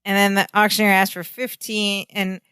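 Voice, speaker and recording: Smooth-voiced chatty woman podcaster. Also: medium pitch, flat delivery, a bit bright, dry recording, studio quality. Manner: chatty, retells scenes with quick voices. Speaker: podcast co-host. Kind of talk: casual chat recapping a sitcom episode.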